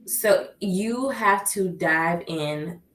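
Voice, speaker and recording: A woman's voice: fairly low pitch, extremely slow, fairly bright tone, distant mic, soft background music. A woman coach hosting a live stream, explaining her points emphatically and one step at a time. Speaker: life coach and host. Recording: echoey room with faint background noise.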